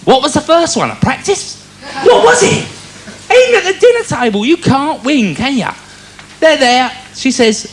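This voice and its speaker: A man's voice: very high-pitched, sing-song, normal speed, slight background noise. A man doing a rambling stand-up routine, chatty and storytelling. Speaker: stand-up comedian.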